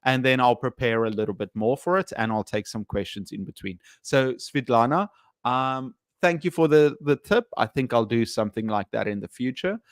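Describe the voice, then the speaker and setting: Male English teacher chatting on a live stream; hesitant, lots of fillers, smooth tone. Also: mid-range voice, moderate pace, no room sound, clean studio sound. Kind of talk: casual live stream chat.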